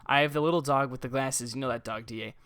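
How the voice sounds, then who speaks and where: A man's voice: medium pitch, fairly even intonation, fast, a bit bright, dry recording, studio quality. A young adult man hosting a casual podcast from a room above his garage, rambling through a story with a lot of swearing. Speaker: podcast host.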